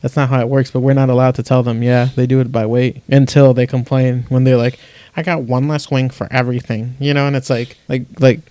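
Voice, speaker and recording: A man's voice: medium pitch, little pitch movement, fairly quick, dark tone, no room sound. A young man co-hosting a podcast, ranting in casual chat with lots of swearing and rambling asides. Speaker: podcast co-host.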